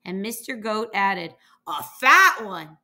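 A woman reading a children's picture book aloud, slowly and expressively, giving the animals their own voices. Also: medium pitch. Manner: lively character voices, slow and expressive. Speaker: reader.

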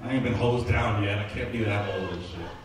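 A man's voice: lowish voice, brisk. A man in his thirties performing a live stand-up set in a comedy club, talking in a loose, profane, conversational way. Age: 30s. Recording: roomy live club sound from a distance, crowd noise.

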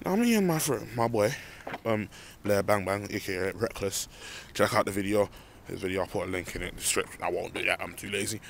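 A man's voice: on the low side, brisk, creaky. Young guy venting on his phone at night, walking, lots of ums, faint ambient hiss around him. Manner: rambling, animated ranting with many fillers. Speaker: vlogger. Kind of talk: late-night rant to camera. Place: outdoors at night, walking through a car park.

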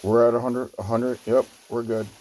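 A man's voice: mid-range voice, little pitch movement, normal speed, darkish tone, a little hiss or hum. A man hosting a casual home cooking vlog, rambling and joking as he talks to viewers from his kitchen. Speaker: host of a home cooking video.

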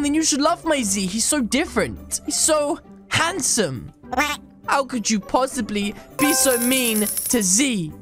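A woman giving dramatic, excitable commentary over her gameplay, with lots of gasps and exclamations. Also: fairly high pitch, unhurried. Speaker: gaming YouTuber. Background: faint game music.

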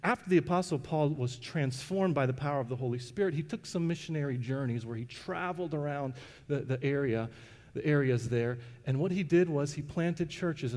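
Middle-aged man, pastor, conversational storytelling sermon, slightly high voice, echoing sanctuary. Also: a little mellow. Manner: conversational, with frequent restarts and fillers. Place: church sanctuary. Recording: long reverb of a church hall.

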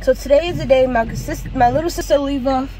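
A woman's voice: high-pitched, a little fast, background noise. A young woman vlogging casually to camera, frank and exasperated, cursing freely. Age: young adult. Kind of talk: casual vlog talk to camera.

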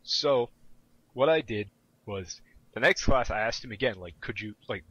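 Profane, animated young man, lo-fi sound. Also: mid-range voice, unhurried, breathy edge. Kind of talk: casual chat. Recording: dull lo-fi audio.

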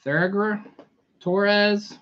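Man, casual live-stream chat, slow unhurried talk, slightly dull lo-fi sound. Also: sits high. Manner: relaxed, chatty, greets viewers by name. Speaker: toy collector live-streaming an unboxing.

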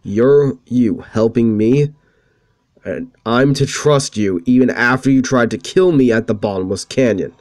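A man's voice: mid-range voice, a little slow, darkish tone, close to an everyday voice. A man voicing a young noble princess who leads an army, reading the game lines plainly. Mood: suspicious.

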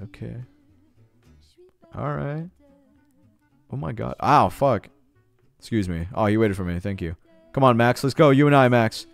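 Wired young man streaming, swinging pitch. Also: animated, measured pace, gravelly, long pauses, no echo, faint music behind. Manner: hyped and jittery, swears a lot, cheers loudly. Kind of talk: casual live-stream chat while gaming.

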